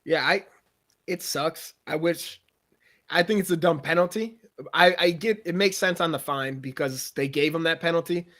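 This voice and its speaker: A man joining a casual football chat as a guest, blunt and offhand with the odd mild swear. His voice is bright and a little high, with a forceful edge. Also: moderate pace. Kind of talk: casual sports talk.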